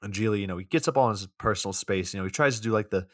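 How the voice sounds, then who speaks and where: A man's voice: on the low side, rapid-fire, no echo, clean studio sound. A man co-hosting a podcast in casual chat, recapping a movie scene by scene and acting out quoted lines. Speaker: podcast co-host.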